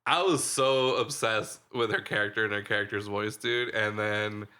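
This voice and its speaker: A man's voice: fairly low pitch, normal speed, bright, forceful tone, clean tone. A man co-hosting a podcast, chatting casually about a film in a rambling way with lots of fillers. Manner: rambling, heavy on fillers like "like" and "dude". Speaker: podcast co-host. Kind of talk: casual movie-review chat.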